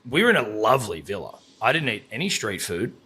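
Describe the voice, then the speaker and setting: A man's voice: fairly low pitch, big pitch swings, fast talker, pushed and bright, slightly rough. A man in his thirties, casually telling holiday stories on a podcast, swearing freely. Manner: sweary, laid-back storytelling. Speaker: podcast co-host. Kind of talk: casual chat.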